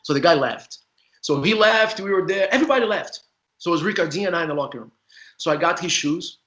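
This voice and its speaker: A man's voice: high-pitched, animated, quick pace, bright, forceful tone. A man with a Brazilian accent, a former player now coaching, telling locker-room stories in a loose, laughing, chatty way. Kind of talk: casual storytelling.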